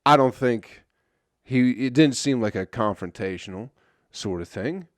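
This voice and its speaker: A man's voice: mid-range voice, animated, unhurried, dry recording, studio quality. A young man hosting a casual solo comedy podcast, telling a story in a loose, profane, friendly way. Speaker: podcast host.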